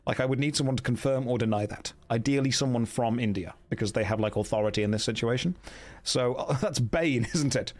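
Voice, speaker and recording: An Englishman reading an adventure gamebook aloud to a stream audience, with a voice at an average pitch for a man. His narration is steady and dramatic, and he regularly breaks off into quick joking asides and laughs at himself. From England.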